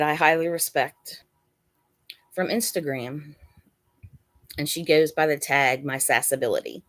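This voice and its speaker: A woman hosting a casual live chat from her bed at home, emotional and close to tears. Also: sits low. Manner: talks to her pets mid-stream. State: dry mouth. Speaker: channel host.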